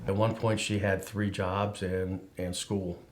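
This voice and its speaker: A plain-spoken middle-aged man answers in a documentary interview. He talks slowly and leaves pauses. His voice is very deep. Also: flat delivery, a little hiss or hum.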